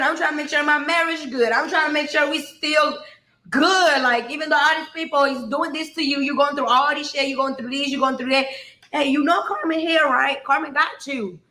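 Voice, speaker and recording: A woman's voice: high-pitched, pushed and bright, echoey room. A woman telling her own story bluntly and emotionally, swearing freely and talking straight to her listeners.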